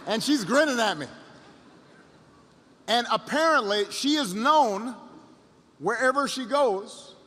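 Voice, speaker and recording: A middle-aged man from the United States telling a story in a speech, repeating phrases for effect and building up to shouts. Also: extremely high pitch, animated, takes it slowly, long pauses. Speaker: speaker. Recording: long reverb of a large hall.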